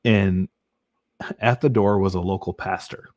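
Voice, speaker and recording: A man's voice: low voice, fairly even intonation, unhurried, darkish tone, dry recording, studio quality. A man from Michigan, a podcast guest, giving an earnest personal faith testimony with many ums and restarts.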